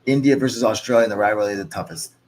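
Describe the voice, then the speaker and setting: This American man in his thirties has a fairly low, slightly mellow voice. Hosting a livestream watch-along, he chats casually, reads out viewer comments, and reacts to the chat with quick asides.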